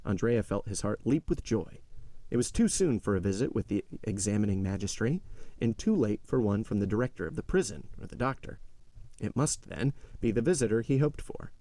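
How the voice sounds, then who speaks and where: A man narrating a classic novel aloud in a measured storytelling manner. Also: on the low side, expressive, warm tone, dry recording. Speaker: audiobook narrator.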